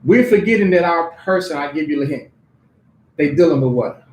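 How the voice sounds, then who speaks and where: A man's voice: on the high side, animated, moderate pace, echoey room. A man preaching a sermon in a casual, conversational style, acting out little scenes and laughing with the congregation. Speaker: pastor. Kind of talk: sermon with acted examples. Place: church hall.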